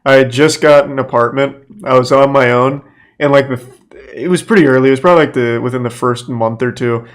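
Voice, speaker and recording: A man's voice: mid-range voice, steady tone, a little fast. A man in his late twenties, a streamer casually reacting to a video and telling a story, crude and joking. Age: 20s. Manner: crude, joking, acts out voices in anecdotes.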